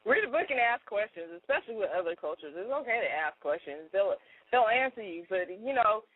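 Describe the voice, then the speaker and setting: A woman's voice: mid-range voice, animated, brisk, no room sound. Chatty, laughing woman on a dry phone line. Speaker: radio show co-host. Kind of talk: casual comedic radio chat. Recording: dry, phone-like narrow sound.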